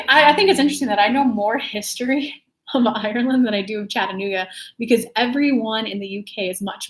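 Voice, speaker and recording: A young woman from California chatting casually on a livestream, rambling and laughing as she talks. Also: medium pitch. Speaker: livestream host, tarot reader.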